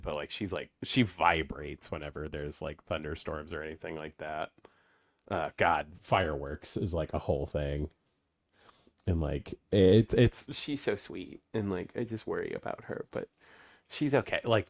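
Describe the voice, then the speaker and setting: A man casually commenting as he streams a farming game, chatty with lots of fillers, often dropping into soft baby talk to his dog. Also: sits low.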